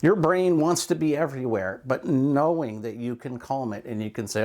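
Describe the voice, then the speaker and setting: A man speaking in a calm, reflective way as he walks through a mindfulness idea. His pitch sits in the middle range for a man. He often drifts into asides and examples of his own inner talk. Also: moderate pace, hardly any pauses. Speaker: speaker and coach.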